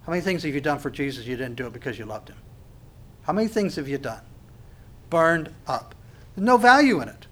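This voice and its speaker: A man's voice: on the high side, lively intonation, brisk, long pauses, sharp tone. A man preaching a sermon with passion, acting out little dialogues between God and people as he goes. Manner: impassioned, acts out dialogue with God.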